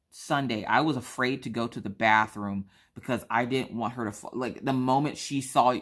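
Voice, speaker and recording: A woman, telling family stories in a casual chat and acting out her family's voices. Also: extremely low pitch. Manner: animated, acts out family members' voices. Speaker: vlogger.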